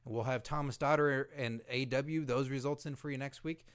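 A man's voice: medium pitch, fairly even intonation, brisk. A young man co-hosting a comedy podcast, chatting laid-back with hesitant fillers. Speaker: podcast co-host. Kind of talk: casual comedy podcast chat.

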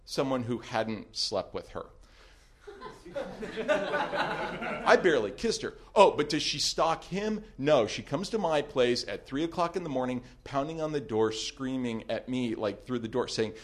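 A man telling a comic personal story with wry timing, dropping to a hush and then rising loud. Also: mid-range voice, a little slow. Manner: animated, wry, swings from hushed to loud.

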